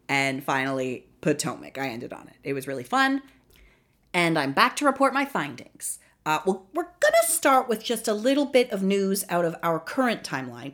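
A woman's voice: low-pitched, fairly bright tone. A young woman from Canada hosting a casual solo podcast, rambling and chatty with frequent swearing, sounding tired. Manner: rambling, chatty, profane, self-deprecating. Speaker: podcast host.

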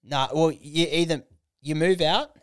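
A man's voice: a little high, unhurried, smooth, no echo, clean studio sound. An Australian man from Canberra, a comedian guest on a casual podcast, telling swearing stories and acting out the people in them. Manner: swearing storyteller, acts out quoted people. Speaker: guest, comedian and hip hop artist.

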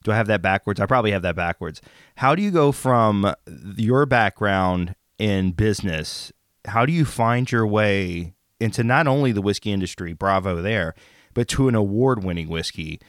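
A man's voice: lowish voice, expressive, moderate pace, no echo, studio quality. A man hosting a podcast, introducing his guest with joking, self-deprecating banter. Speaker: podcast host. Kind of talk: casual podcast interview.

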